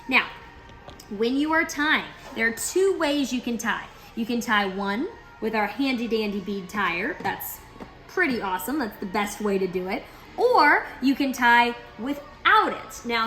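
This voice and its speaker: A woman's voice: on the high side, fairly bright tone. Upbeat woman trainer demonstrating bracelet beading. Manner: upbeat, instructive, checks in with listeners. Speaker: store trainer.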